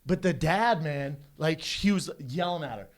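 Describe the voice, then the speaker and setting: A man co-hosting a relaxed podcast, his voice sitting slightly high for a man. He tells stories in loose casual chat and acts out what other people said. He hammers home his points by repeating them. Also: a little slow. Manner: storytelling, repeats himself, acts out quotes. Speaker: podcast co-host.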